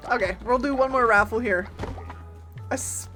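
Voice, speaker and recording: A woman streamer giving casual, chatty gameplay commentary, reacting loudly and talking to her chat and her game's followers. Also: a little high, moderate pace, soft background music.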